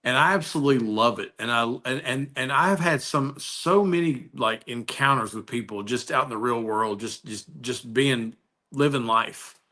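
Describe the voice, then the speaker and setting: On a live video call, a man chats casually and tells stories with plenty of enthusiasm, restarting his sentences often. His voice is mid-range with a sharp tone, and he speaks at a moderate pace.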